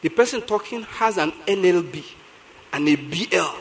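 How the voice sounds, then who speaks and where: A man's voice: high voice, expressive, normal speed, vocal fry, a little hiss or hum. A man with a Nigerian accent preaching a sermon as pastor, telling stories animatedly, repeating lines for emphasis and laughing often.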